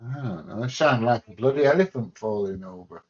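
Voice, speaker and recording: An Englishman hosts a livestream from home, his mid-range, darkish voice expressive and fairly quick. He reads viewer comments bluntly and casually, joking and swearing mildly, and the stream audio sounds dull and lo-fi.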